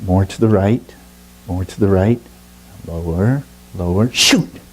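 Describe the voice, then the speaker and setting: A man's voice: low voice, takes it slowly, husky, exaggerated voice, poor audio. A man voicing a bitter, resentful old grandmother who scolds and barks orders. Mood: bossy. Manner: harsh, scolding, bossy commands.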